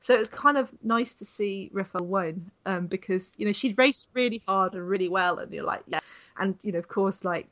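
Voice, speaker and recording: A woman's voice: mid-range voice, moderate pace, a bit bright, rough recording. A woman chatting casually about a race, rambling with lots of restarts and fillers. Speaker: cycling reporter. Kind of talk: casual chat.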